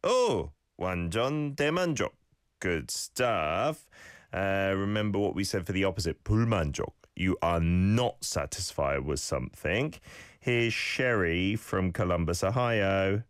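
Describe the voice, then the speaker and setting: A man hosting a radio language lesson, encouraging listeners and modelling phrases with lively emphasis. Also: low voice, normal speed, smooth, no echo, clean studio sound. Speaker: radio host teaching Korean phrases.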